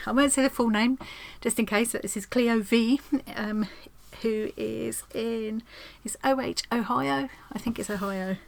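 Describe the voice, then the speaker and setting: Her voice is a little high and unhurried, with vocal fry and hardly any pauses. She's a craft vlogger chatting at home as she opens post, gushing and rambling while frequently restarting sentences.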